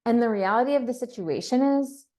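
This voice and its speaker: A woman's voice: on the high side, fairly quick, darkish tone. Chatty woman from Texas coaching a team. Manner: chatty, upbeat, acts out sample scripts. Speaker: team leader. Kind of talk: training talk.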